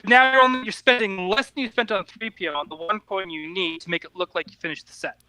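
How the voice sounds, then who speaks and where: A man's voice: high voice, steady tone, quick pace, pushed and bright, no room sound. A man in a casual chat, joking and often trailing off mid-sentence.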